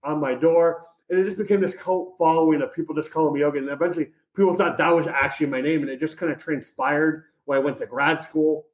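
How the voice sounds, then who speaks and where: Upbeat fast-talking man, echoey room. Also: on the high side. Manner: energetic, upbeat storyteller with many fillers. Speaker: podcast guest, college advisor. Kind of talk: casual interview chat. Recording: roomy echoey sound.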